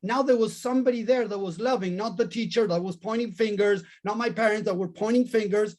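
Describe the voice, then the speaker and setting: A man's voice: high voice, brisk, few pauses, a little mellow. A middle-aged man teaching a therapy training class, earnest and repetitive, often calling on his listeners.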